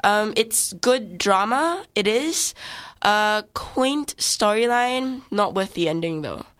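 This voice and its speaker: A woman's voice: medium pitch, animated, slow, a bit bright. A woman co-hosting a casual film review chat, retelling plots in a rambling way and laughing often.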